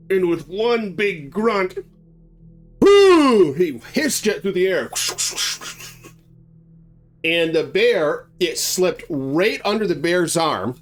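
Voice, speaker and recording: A man telling a dark tale in a loose, conversational way, drawing his words out slowly. His voice swings widely in pitch and sits a bit high, with soft music underneath. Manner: animated, conversational, acts out sounds. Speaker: storyteller. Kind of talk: casual spoken storytelling.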